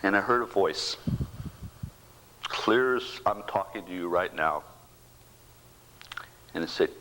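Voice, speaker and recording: Older man in his sixties, low voice, halting and repetitive delivery with whispered stretches, telling a personal faith testimony. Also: pushed and bright, a little hiss or hum, low-quality recording. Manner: halting, repeats words, drops into whispers. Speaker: bereaved father.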